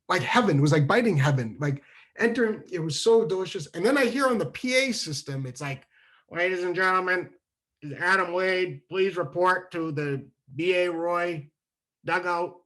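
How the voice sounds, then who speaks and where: A man from New Hampshire telling a childhood story at a virtual storytelling show, animated and full of restarts, acting out the dialogue. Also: medium pitch. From New Hampshire, USA. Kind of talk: live storytelling over a video call. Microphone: video call microphone.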